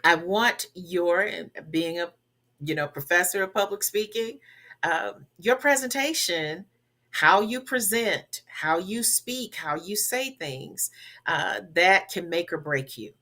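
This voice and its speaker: Female public speaking coach, faint Southern accent, emphatic and didactic, lower-pitched and bright. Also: expressive, takes it slowly. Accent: Southern US, softened. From Southern United States. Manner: emphatic, instructive, repeats key words. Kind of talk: coaching advice in a talk show.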